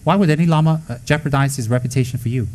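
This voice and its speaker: A man giving a Buddhist dharma talk to students, blunt and scolding, with joking asides and quick acted-out quotes. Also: mid-range voice, a little mellow, rough recording. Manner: acts out quoted voices. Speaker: Buddhist teacher.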